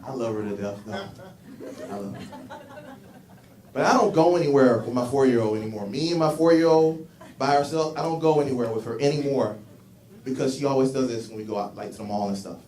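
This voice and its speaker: A man performing a stand-up comedy set, telling animated stories about family life and acting out the people in them. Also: medium pitch, brisk, a little hiss or hum. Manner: animated storytelling, voicing characters in his bits. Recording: echoey room, mic heard from a distance. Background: audience laughter.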